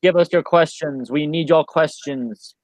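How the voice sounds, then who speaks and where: A man hosting a casual livestream interview, easygoing and quick to agree. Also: fairly high pitch, dry recording, rough recording. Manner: easygoing, quick to laugh along. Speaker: livestream host.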